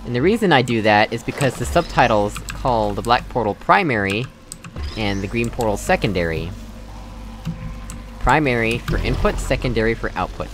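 A young man with a lowish voice talks his way through a puzzle game, thinking aloud. He is from Texas and pokes fun at his own mistakes. Game music plays clearly behind him. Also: expressive, normal speed. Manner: musing aloud, self-deprecating, chuckling. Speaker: gamer playing a puzzle game. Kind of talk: casual let's-play commentary.

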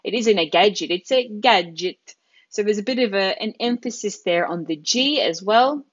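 A woman running a live online Italian lesson, drawing out each example word slowly and clearly. Her voice is close and dry, with a slightly dull, muffled sound. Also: fairly high pitch, no room sound. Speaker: Italian language teacher.

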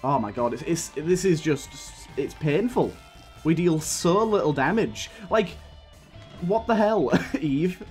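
Slow and expressive, with a fairly high yet darkish voice, a young man on his gaming channel meanders through memories of childhood. His run keeps drawing irritated outbursts, and game music is faintly audible.

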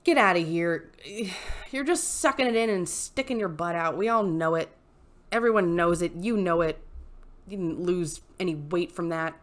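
A woman hosts a casual commentary vlog, reading posts aloud and reacting in animated, exasperated rants. Her voice sits a bit low for a woman, and her delivery swings between outrage and wry asides. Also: normal speed. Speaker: YouTube host reading posts.

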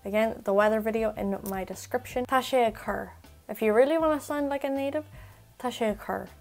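Chatty woman tutor, gravelly voice. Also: a little high, darkish tone. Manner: quick, chatty explanations with slow, repeated example phrases. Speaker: Irish language tutor. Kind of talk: casual spoken language lesson.

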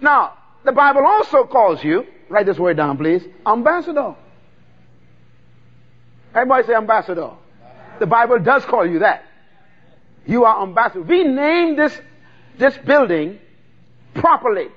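Man, preaching, very high pitch, dull lo-fi recording. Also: very animated. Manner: call-and-response preaching, drawn-out emphatic words. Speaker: pastor. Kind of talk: sermon.

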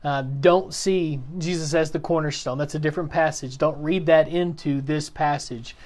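A man teaching a Bible class in a relaxed, explanatory way, with plenty of fillers and restarts. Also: on the high side, normal speed. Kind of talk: casual teaching talk. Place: church classroom.

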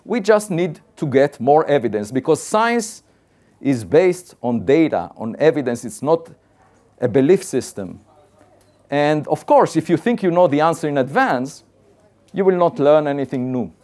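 A man's voice: fairly high pitch, animated, normal speed, a little mellow. A man, an astrophysicist, giving a conversational public science talk and building his arguments point by point in a plain-spoken, insistent way.

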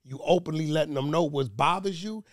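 A man's voice: on the high side, brisk. A middle-aged man on a panel giving blunt, profane advice in a lecturing tone. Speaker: panel guest. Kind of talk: casual panel chat.

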